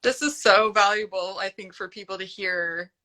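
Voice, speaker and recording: A woman's voice: mid-range voice, steady tone, moderate pace, pushed and bright. A woman hosting a conversational interview, affirming and reflecting back her guest's points. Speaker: host.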